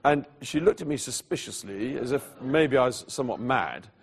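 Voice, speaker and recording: A man preaching, telling a personal story in an animated way and voicing the people in it, then going hushed at solemn moments. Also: medium pitch, normal speed, vocal fry. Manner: animated storyteller who voices the people in his tale; drops to a hushed, quiet delivery at solemn moments. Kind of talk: storytelling sermon.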